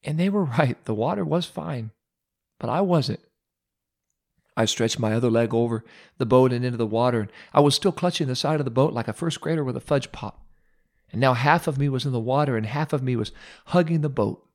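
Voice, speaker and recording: A man hosting a radio devotional, telling a humorous, self-mocking story with dramatic pauses. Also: mid-range voice, a little mellow.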